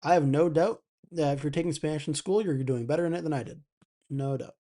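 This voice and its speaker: Mellow-voiced man hosting a live stream. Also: on the high side, brisk. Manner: chatty, thinks aloud, reads chat comments. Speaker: election night live stream host. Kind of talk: casual live stream commentary.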